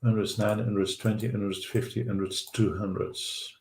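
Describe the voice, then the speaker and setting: A man with a Dutch accent hosting a live stock market show, thinking aloud over charts with halting fillers. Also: fairly low pitch, little pitch movement, creaky, darkish tone, reverberant, a little hiss or hum. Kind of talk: live trading chart commentary.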